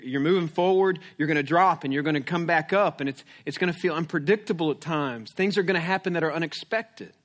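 A man's voice: a little high, fairly bright tone. A man preaching a sermon, telling a family story with lots of restarts and "right?" check-ins, then reading scripture aloud. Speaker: pastor.

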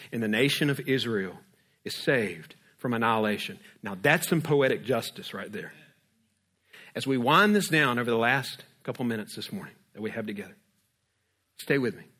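A man's voice: mid-range voice, moderate pace. Storytelling male pastor. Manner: lively storytelling, acting out scenes. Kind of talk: sermon.

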